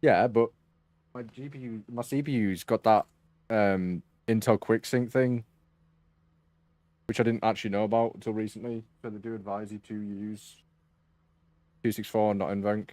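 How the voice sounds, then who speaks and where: A man's voice: lowish voice, fairly even intonation, normal speed, pauses often, a little mellow, dry recording. A man streaming sim racing, chatting casually and laughing a lot, trailing off mid-story. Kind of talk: casual chat.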